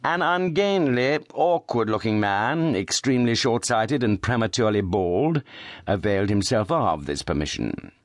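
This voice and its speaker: A man narrating a classic novel in a measured, expressive audiobook reading. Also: lowish voice, no echo, studio quality.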